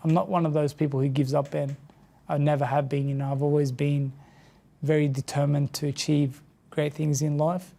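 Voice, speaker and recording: A tired man with an Australian accent speaks in a gravelly, darkly mellow voice with a flat, even delivery. He talks heartfelt and earnest in a personal interview, often repeating words as he goes. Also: a little high, moderate pace. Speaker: interview guest, former boxer.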